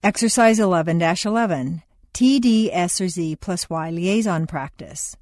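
A woman instructor reading scripted exercise instructions for an accent course in a clear, measured way. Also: on the low side, a little mellow, no echo, clean studio sound. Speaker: pronunciation instructor.

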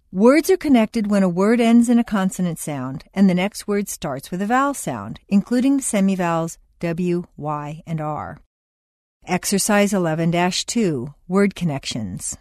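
A woman reading a training lesson aloud in a clear, measured way. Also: medium pitch, very animated, darkish tone, no room sound, studio quality. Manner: clear, measured announcing of headings and rules. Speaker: narrator of an accent lesson. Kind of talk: scripted instructional reading.

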